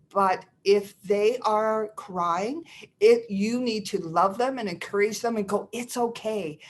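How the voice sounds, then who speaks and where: Middle-aged woman, nurse educator, mid pitch, lively and reassuring, acts out example dialogues. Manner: lively, acts out sample dialogues with family members. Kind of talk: educational webinar talk.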